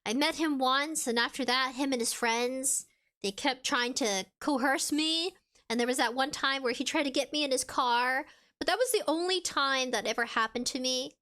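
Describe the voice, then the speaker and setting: A woman VTuber chatting casually on a live stream, rambling and filling pauses with "like" and "you know". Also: high-pitched, pushed and bright. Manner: chatty and rambling, with frequent fillers.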